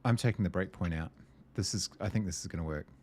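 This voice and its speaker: A man hosting a gameplay video thinks aloud and mutters to himself while working through a puzzle game, sounding hesitant and easily excited. His voice is low-pitched and fast, with slight background noise.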